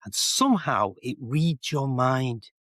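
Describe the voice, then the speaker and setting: A man with a Liverpool accent chats in an easy, rambling way, piling up everyday examples to explain a phrase. His voice sits at an ordinary middle pitch. The sound is close and dry, with no room echo. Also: animated, slow pace, fairly bright tone. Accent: Liverpool English. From England. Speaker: co-host, English teacher. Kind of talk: casual chat. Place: indoor home office.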